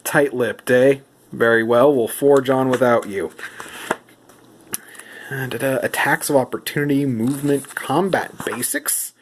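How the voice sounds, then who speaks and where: A man's voice: mid-range voice, fairly even intonation, measured pace, slight background noise. A man giving a mock-serious comedic vlog monologue while he leafs through rulebooks. He plays at outrage and puts questions to a silent companion. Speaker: vlogger.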